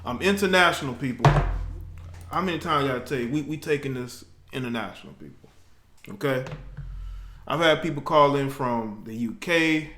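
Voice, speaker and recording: A man's voice: medium pitch, moderate pace, fairly bright tone, soft background music. A man hosting a live call-in talk show, chatting casually in slang, chuckling as he reads out viewer comments. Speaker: livestream talk show host. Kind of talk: casual livestream chat, reading out viewer comments.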